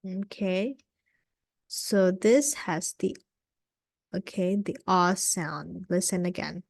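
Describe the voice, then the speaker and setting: Slow, patient woman teaching vowel sounds. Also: lowish voice, gravelly, no room sound, clean studio sound. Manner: patient, repeats sounds, frequent "okay". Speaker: English pronunciation teacher. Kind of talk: slow phonics lesson.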